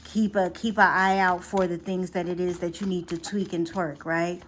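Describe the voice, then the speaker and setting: A woman running a casual spiritual reading vlog. She is chatty and affirming, thinks aloud with repeated phrases and restarts, and slows into soft affirmations. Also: fairly low pitch, little pitch movement, slight background noise. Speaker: astrology and tarot reader.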